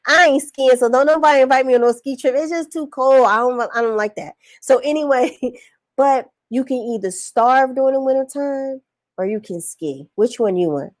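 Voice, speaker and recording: A woman's voice: sits high, normal speed, no echo. A woman business coach giving a casual, preachy motivational live-stream talk, reading viewer comments and calling them y'all. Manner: animated, preachy, colloquial, calls audience y'all. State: recovering from illness, on antibiotics.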